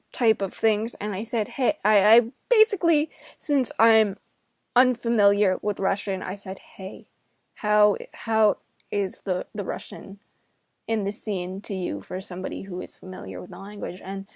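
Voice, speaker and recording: A woman's voice: medium pitch, a little mellow, dry recording, studio quality. A woman in her twenties from New Jersey, giving a casual, rambling film review with chatty asides.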